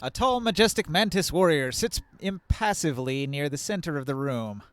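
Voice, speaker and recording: Smooth-voiced male game master. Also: on the high side, lively intonation, moderate pace, no echo. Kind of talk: narrating a tabletop game.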